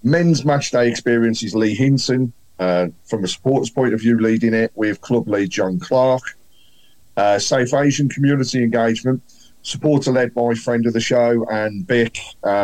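A man, co-hosting a fan podcast and reading out club announcements in a measured way with frequent fillers. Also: mid-range voice, a little mellow, poor audio. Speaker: podcast co-host.

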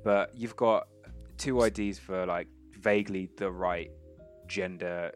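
A man's voice: low-pitched, fairly even intonation, slow pace, faint music behind. A man running a tabletop role-playing game as game master, chatty and laughing often.

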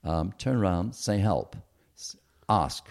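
A British man, a podcast guest, telling a personal story in a lively way and acting out the people in it. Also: low-pitched, slow, vocal fry. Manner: animated, acts out the people in his stories. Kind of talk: conversational storytelling.

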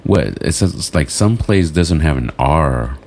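Deep, slow-talking laughing man. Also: expressive, darkish tone, a little hiss or hum. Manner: laughs often, loose and swearing. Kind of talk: casual podcast chat.

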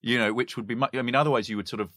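A man's voice: mid-range voice, rapid-fire, no echo. A man, a history professor, talking casually about language games with lots of restarts and giggles. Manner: animated, giggly, hesitant restarts. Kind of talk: casual conversation.

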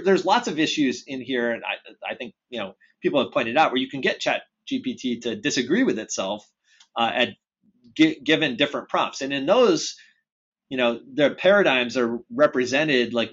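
A man's voice: mid-range voice, expressive, normal speed, fairly bright tone, breathy edge, lo-fi sound. A man talking as a podcast guest, thinking aloud in a casual, loose way. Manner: thoughtful, with many fillers and restarts. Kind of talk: casual conversation.

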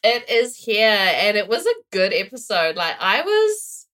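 A woman's voice: medium pitch, wildly swooping pitch, measured pace, fairly bright tone. A woman co-hosting a podcast, chatty and giggly in casual talk. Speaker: podcast co-host. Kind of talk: casual chat.

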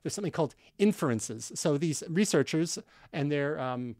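A man's voice: fairly high pitch, lively intonation, moderate pace, darkish tone, no room sound, studio quality. A man from Canada co-hosting a tech podcast, explaining news in a casual, conversational way with fillers and restarts. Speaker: podcast co-host.

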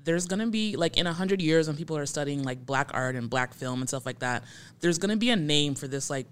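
A series writer talking as a podcast guest, relaxed and a bit hesitant, with many "like"s. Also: medium pitch, brisk, clear, resonant tone. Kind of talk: casual interview chat.

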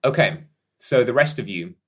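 A man's voice: mid-range voice, expressive, moderate pace, husky. A young man running a tabletop game as game master, narrating scenes in detail and often breaking into laughter.

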